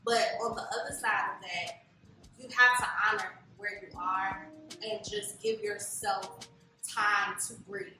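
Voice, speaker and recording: A woman's voice: medium pitch, animated, a little slow, sharp tone, very echoey, recorded from a distance, soft background music, rough recording. A woman in her late twenties, a guest in an interview, talking in a chatty, reflective way with lots of fillers. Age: late 20s. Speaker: interview guest, self-love blogger. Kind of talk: casual interview conversation.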